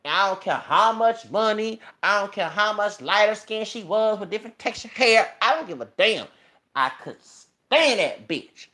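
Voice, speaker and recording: A man's voice: high-pitched, expressive, normal speed, pushed and bright. A man ranting emotionally and profanely in his own vlog, delivering celebrity gossip commentary. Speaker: YouTuber.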